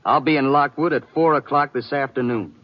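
An actor playing a cocky, menacing gunslinger with a drawl in a 1950s radio drama. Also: male voice, mid-range voice, brisk, natural voice. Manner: swaggering, cool. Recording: muffled old radio broadcast.

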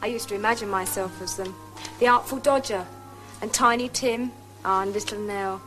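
A woman's voice: mid-range voice, moderate pace, a bit bright, faint music behind, rough recording. A young woman as guest star in a scripted comedy sketch, breezy and wide-eyed.

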